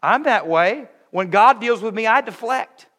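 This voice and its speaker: A man preaching a sermon, emphatic, moving between raised passages and hushed ones. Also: high voice, expressive, a little slow, big-room sound. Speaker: pastor.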